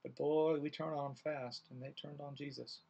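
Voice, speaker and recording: A man's voice: fairly high pitch, level tone, normal speed, creaky, darkish tone, husky, highs cut off. A middle-aged man, a minister, thinking aloud in a rambling, wry, casual way about his next sermon. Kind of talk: casual vlog musing. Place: church, alone.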